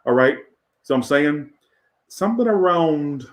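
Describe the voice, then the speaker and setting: A man's voice: a little high, lively intonation, measured pace, roomy sound. A man doing a casual tarot reading in a crude, profane, rambling way. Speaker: tarot reader.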